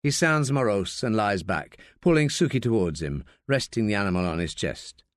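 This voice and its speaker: A man reading an audiobook as narrator, measured and expressive. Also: on the low side, no room sound, clean studio sound. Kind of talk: scripted narration.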